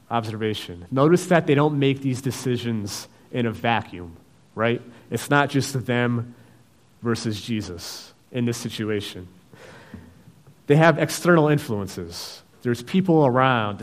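A man preaching a sermon, reading scripture and acting out the characters' lines with sudden loud outbursts. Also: medium pitch. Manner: acts out biblical voices, dramatic swings in loudness.

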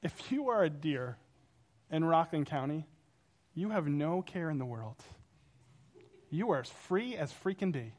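Animated storytelling male pastor. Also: fairly high pitch, a little slow, long pauses. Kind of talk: sermon.

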